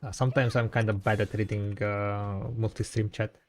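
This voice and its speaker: A man's voice: on the low side, flat delivery, moderate pace, soft background music. A man streaming a game live, chatting casually and answering his viewers. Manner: chatty, answers viewers' chat between play. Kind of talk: casual live-stream chat while gaming.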